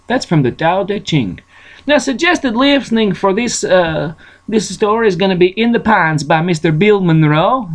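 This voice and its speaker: Man from Russia, host, casual storyteller; rambling, folksy, pitched high. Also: lively intonation, moderate pace, low-quality recording. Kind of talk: casual bedtime story reading.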